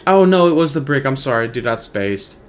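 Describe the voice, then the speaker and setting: A man's voice: medium pitch, lively intonation, fairly quick. A man streaming a game and telling a long joke in a loose, rambling way, with many restarts, at his computer. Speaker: streamer host. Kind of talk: casual joke-telling while gaming.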